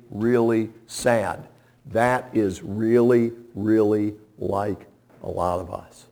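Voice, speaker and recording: A man preaching a sermon, telling folksy stories and swinging from hushed tones to loud, impassioned appeals. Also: medium pitch, vocal fry. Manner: folksy, storytelling.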